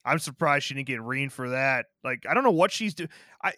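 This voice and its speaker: A man co-hosting a podcast, reviewing a movie in laid-back casual chat and acting out quotes in a higher voice. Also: animated, a little fast, pushed and bright, dry recording, studio quality. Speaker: podcast co-host.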